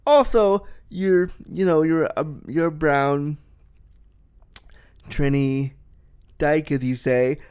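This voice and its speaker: A man's voice: fairly high pitch, slow, pauses often, darkish tone, clear, resonant tone. A man with a Canadian accent, hosting an interview, enthusiastic and often repeating words as he starts a thought. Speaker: podcast host. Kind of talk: conversational interview.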